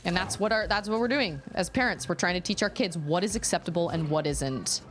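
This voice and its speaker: A woman chatting casually with her viewers while streaming a game from home, rambling through stories in an expressive way. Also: fairly low pitch, a little fast. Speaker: gaming streamer. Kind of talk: casual livestream chat while gaming. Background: faint game music.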